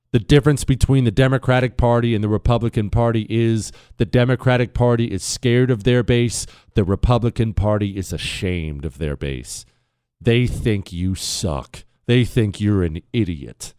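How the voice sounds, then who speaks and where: A man hosting an opinion talk show, sarcastic and emphatic, jumping between mock excitement and flat scorn. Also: lowish voice, clean tone, dry recording, studio quality.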